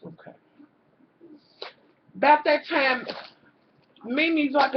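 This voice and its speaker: In a dull, lo-fi home recording with slight background noise, a high-voiced woman delivers an unhurried reality show recap, leaving long pauses. She's animated and exasperated, swears constantly, and talks right to her viewers, calling them "y'all."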